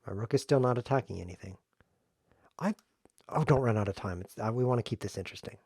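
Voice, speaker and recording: A man streaming a chess game, talking to himself in a jokey, excitable way as he plays. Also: lowish voice, fast talker, husky, no room sound, clean studio sound. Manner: jokey, excitable self-talk while playing. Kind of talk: live game commentary.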